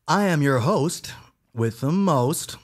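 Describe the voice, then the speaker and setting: A man's voice: on the high side, expressive, slow. Hammy joking male podcast host. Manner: joking, hammy, puts on a bad East Coast accent. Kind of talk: casual chat.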